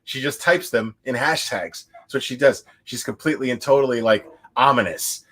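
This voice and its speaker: A man rambles loosely on his livestream, a little tipsy from drinking. His talk is full of restarts, swearing and laughter, and his pitch sits in the middle of the range. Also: moderate pace, fairly bright tone. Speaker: livestream host. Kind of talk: casual livestream chat.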